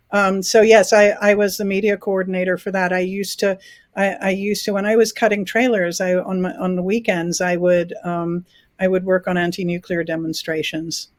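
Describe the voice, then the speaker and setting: Raised in England though she's from New York, this woman in her sixties founded a film festival and responds to an interviewer in a relaxed, conversational style. She restarts frequently and laughs easily, speaking at a medium pitch in a dry recording.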